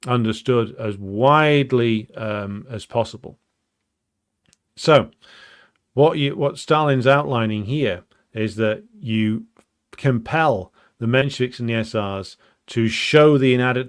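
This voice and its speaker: Man explaining history off the cuff. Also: mid-range voice. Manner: thinks aloud with frequent ums and restarts; blunt, emphatic. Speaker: political commentator. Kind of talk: unscripted explanatory talk on political history.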